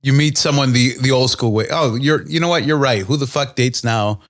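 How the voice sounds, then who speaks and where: A man's voice: medium pitch, brisk, fairly bright tone, dry recording, studio quality. A man co-hosting a podcast, joking crudely and swearing in casual chat. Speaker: podcast co-host.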